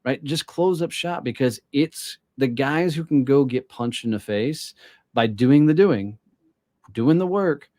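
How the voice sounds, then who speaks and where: A blunt man in the guest chair of a sales podcast, swearing as he tells his stories. His voice sits at an ordinary pitch for a man. The sound is dry and close, with no room around it. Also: animated, a little slow, a little mellow, no echo. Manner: blunt storyteller, swears freely. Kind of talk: casual podcast conversation.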